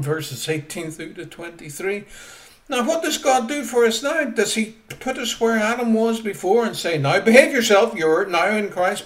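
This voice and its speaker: His voice sits high as he delivers an emphatic sermon, hammering on repeated key phrases and moving between booming peaks and hushed lows.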